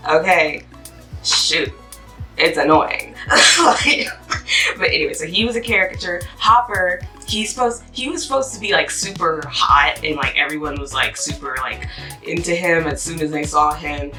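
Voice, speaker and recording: A woman's voice: low voice, normal speed, bright, forceful tone, recorded from a distance, faint music behind, low-quality recording. A woman giving a casual rant of a book review, emphatic and exasperated in a chatty way.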